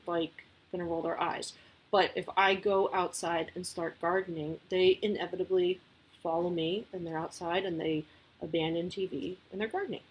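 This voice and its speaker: A woman's voice: fairly low pitch, husky, poor audio. A woman talking casually as a parent sharing advice, candid and chatty with lots of asides.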